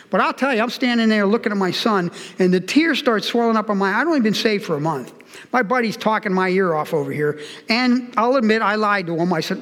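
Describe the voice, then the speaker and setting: A man's voice: sits high, a bit bright, big-room sound. A man in his sixties preaching a sermon, earnest and personal, telling his own story and speaking directly to the congregation. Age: 60s. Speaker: pastor.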